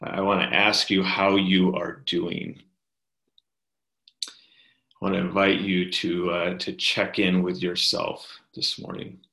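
A man giving a sermon as a pastor, talking in a slow, gentle, reflective way with many fillers and pauses. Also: deep voice, flat delivery, gravelly. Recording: echoey room.

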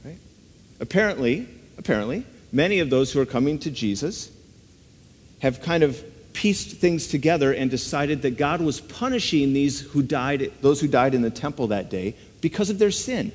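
A man delivers a sermon at an ordinary pitch, earnest and conversational, often pausing on rhetorical questions. His voice rings with the long reverb of a large hall. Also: animated, slightly rough. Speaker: preacher.

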